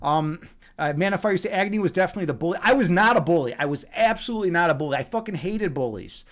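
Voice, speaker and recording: American guy streaming, highish voice, swears a ton, rambles and restarts. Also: animated, fast, fairly bright tone. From USA. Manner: profane, rambling, many restarts. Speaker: livestream host. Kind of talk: casual chat, reading out chat comments.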